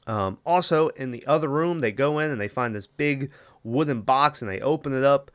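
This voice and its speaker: A man's voice: mid-range voice, moderate pace, a bit bright. A man hosting a podcast alone, retelling a horror film's plot in a loose, rambling way, with many fillers and quoted bits of dialogue. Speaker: podcast host. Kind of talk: casual solo movie recap.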